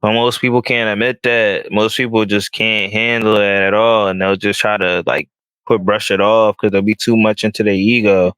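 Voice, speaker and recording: A laid-back man chatting on a podcast, his voice set low and easy. He talks loosely and keeps calling the others bro. The recording is dry and close. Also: little pitch movement, normal speed, a bit bright, clean tone, no room sound. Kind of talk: casual podcast chat.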